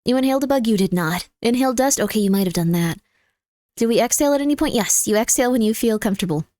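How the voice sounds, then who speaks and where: Young woman streamer, relaxed and jokey, thanks her chat a lot; higher voice, close and dry. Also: fast, dry recording. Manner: chatty and jokey, thanks viewers by name. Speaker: livestreamer. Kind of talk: casual live-stream chat.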